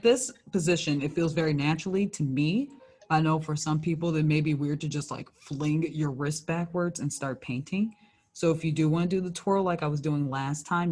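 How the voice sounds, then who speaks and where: A woman's voice: low voice, a little mellow. A young woman working for a library, teaching a small painting class in a casual, chatty way with lots of "like" and self-corrections. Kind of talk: casual craft tutorial.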